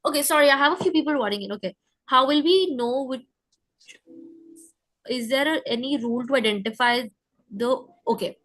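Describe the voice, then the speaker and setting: A woman giving a live online French class, breaking words down and repeating them slowly, often checking in with "okay?". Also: high-pitched, a bit bright, rough recording. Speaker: French teacher.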